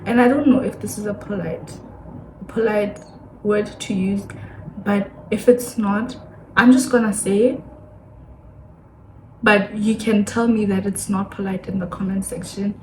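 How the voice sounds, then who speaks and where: A woman in her twenties from Botswana with a Botswana accent, chatting casually to camera in a sit-down vlog, animated and acting out the people she quotes. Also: medium pitch, a little slow, long pauses, slight background noise. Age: 20s. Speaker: vlogger. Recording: echoey room, faint ambience.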